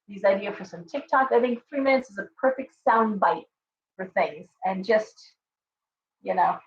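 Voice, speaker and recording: A woman's voice: mid-range voice, slight background noise. A middle-aged woman hosting a live tarot stream, blunt, profane and scolding as she rants and reads cards. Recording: echoey, dull live-stream audio.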